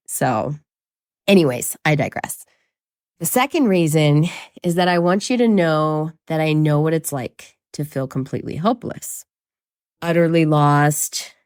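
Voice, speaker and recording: A woman's voice: low-pitched, a little mellow, no echo, clean studio sound. A woman hosting a podcast as a trauma coach, talking candidly and casually with lots of swearing and self-mocking humor. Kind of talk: casual confessional monologue.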